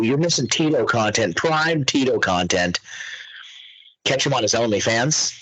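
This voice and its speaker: An excitable young man with a husky, slightly breathy voice that swings widely up and down in pitch. He chats casually and swears a lot, recorded close and dry with no room sound. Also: normal speed, dry recording, rough recording. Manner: excitable, swears constantly, laughs often. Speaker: podcast co-host. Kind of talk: casual profane chat.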